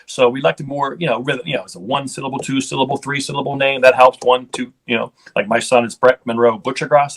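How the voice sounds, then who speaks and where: A man's voice: medium pitch, steady tone, quick pace, hardly any pauses. A man in his fifties, from Ohio, telling casual stories as a guest, chatty and rambling with restarts. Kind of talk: casual storytelling.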